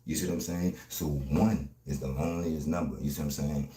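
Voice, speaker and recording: A man, talking fast and streetwise in a casual livestream chat, often asking "you heard me". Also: rumbling low, fairly even intonation, dark tone, echoey room.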